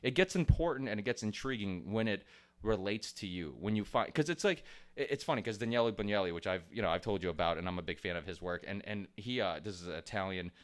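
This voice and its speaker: A man's voice: fairly low pitch, animated, fast talker, clean tone. A man hosting a podcast in casual chat, rambling with many restarts, swearing and laughing easily. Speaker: podcast host.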